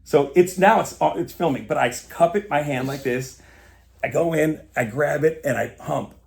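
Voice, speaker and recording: Creaky-voiced man telling a golf story. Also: on the high side, moderate pace. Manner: animated storyteller, acts out quoted dialogue. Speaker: podcast guest. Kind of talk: casual storytelling chat.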